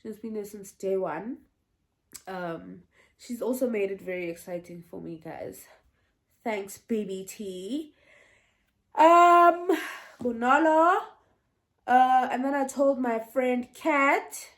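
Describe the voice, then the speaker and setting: A woman's voice: fairly high pitch, takes it slowly, pauses often. A young woman telling a casual storytime vlog, chatty and meandering, often restarting and laughing. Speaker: vlogger.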